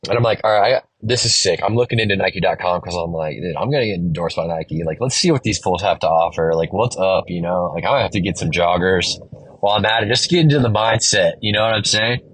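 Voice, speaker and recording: A man's voice: low-pitched, quick pace, fairly bright tone, husky, low-quality recording. A young man hosting a solo podcast, rambling through a profane, slangy story with lots of animation. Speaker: podcast host. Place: in a car.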